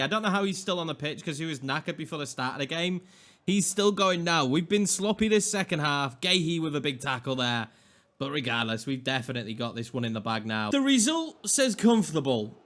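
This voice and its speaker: Young man, Yorkshire accent, fairly high voice, gameplay commentary, chatty and excitable. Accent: Northern English (Yorkshire). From England. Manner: excitable, chatty, swings between hype and grumbling. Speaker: gaming YouTuber.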